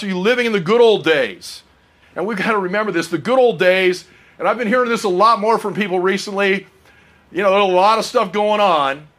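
A man's voice: high-pitched, fairly bright tone. A middle-aged man preaching a sermon, earnest and personal, often asking the congregation questions.

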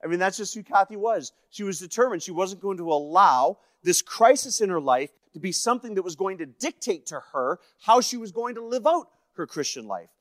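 A man with a slightly high-pitched voice tells a personal story to a congregation. He moves between quiet, heavy passages and brighter, animated bits where he plays out other people's lines. The sound is dry and close. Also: brisk, hardly any pauses, no echo. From Canada. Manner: personal storytelling with acted-out quotes, swinging between hushed and lively. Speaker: guest speaker. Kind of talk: storytelling sermon.

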